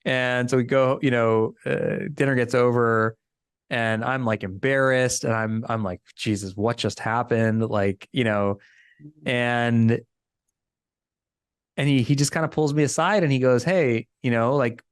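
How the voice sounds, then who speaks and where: Male guest, casual storyteller, animated, dry close mic, mid voice. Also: mid-range voice, a little slow, smooth, dry recording. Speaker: podcast guest, entrepreneur.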